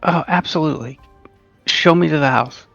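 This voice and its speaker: Brief: male player, deadpan in-character talk, dry close sound. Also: on the high side, normal speed, gravelly, no echo, lo-fi sound, soft background music. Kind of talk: in-character tabletop play.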